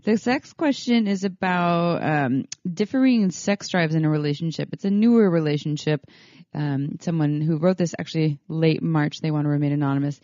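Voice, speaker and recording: A woman with a low, mellow voice co-hosts a podcast in easy, casual chat. She talks haltingly, full of fillers and restarts. The sound is dry and a little dull. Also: dry recording. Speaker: sex podcast co-host.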